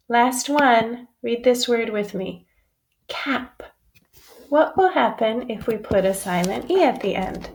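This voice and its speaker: Slow, clear woman teaching phonics. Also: a little high, lively intonation. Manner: slow, clearly sounding out each vowel; encouraging, speaks to children as friends. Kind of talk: phonics lesson for young children.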